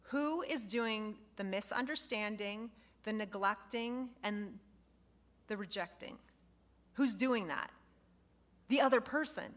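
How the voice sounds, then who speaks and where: Bright-voiced woman teaching a class. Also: a little high, unhurried. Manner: lively, expressive, acts out quoted phrases. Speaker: class instructor. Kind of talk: lecture to a live class.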